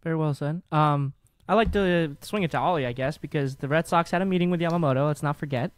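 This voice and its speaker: A man's voice: fairly high pitch, fast talker, clear, resonant tone. A man co-hosting a sports podcast, chatting casually with wry banter. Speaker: podcast co-host. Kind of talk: casual chat.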